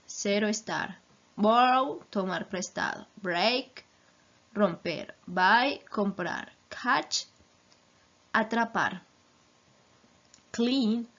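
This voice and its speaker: Slow, patient woman drilling vocabulary. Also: medium pitch, a bit bright. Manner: slow, repeats each word, gives Spanish translations. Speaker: English teacher. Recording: slightly dull lo-fi recording.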